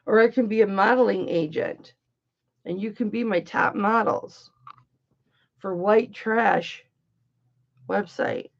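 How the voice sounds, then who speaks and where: A woman's voice: mid-range voice, slow pace, vocal fry, long pauses, lo-fi sound. A woman hosting an online jewelry auction, chatting casually and cracking bawdy jokes while she works. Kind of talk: casual livestream selling chat.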